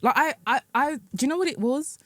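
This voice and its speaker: A woman's voice: high-pitched, fast, no room sound, clean studio sound. A woman guesting on a podcast, chatting casually and candidly about shows and films. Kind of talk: casual chat.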